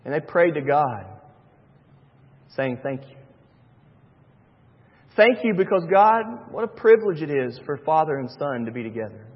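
A man preaching a sermon as pastor, swinging between hushed stretches and loud, excited ones. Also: a little high, moderate pace, long pauses, slightly rough. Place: church sanctuary. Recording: dull reverberant church sound.

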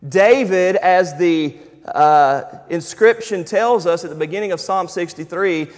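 A man's voice: high-pitched, measured pace, a little mellow. A man in his thirties preaching a sermon in a conversational, storytelling manner with emphatic stretches. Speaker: pastor. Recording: reverberant hall.

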